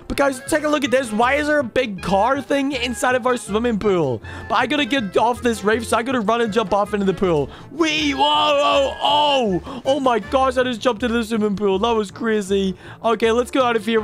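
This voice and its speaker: Man doing a very high, gushing baby boy. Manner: gushing, breathless, exclaiming. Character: mischievous excitable little baby boy. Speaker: gaming role-player. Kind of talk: role-play commentary over gameplay.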